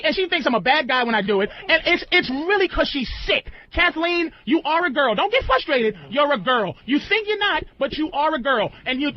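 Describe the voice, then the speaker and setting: A man hosting a radio show, loudly ranting and shouting down a guest in a heated on-air argument, full of swearing. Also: very high-pitched. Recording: dull lo-fi played-back show clip.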